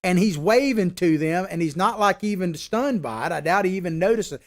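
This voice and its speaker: A man with a fairly high voice holds forth on a political talk show. He is opinionated and emphatic but stays conversational, like a middle-aged host talking straight to his regular viewers. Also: lively intonation, normal speed. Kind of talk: casual political commentary.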